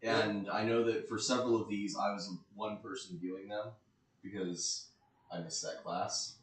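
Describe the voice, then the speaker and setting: Plain matter-of-fact man, lower register, echoey space. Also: level tone, normal speed. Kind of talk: casual remarks. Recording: echoey room.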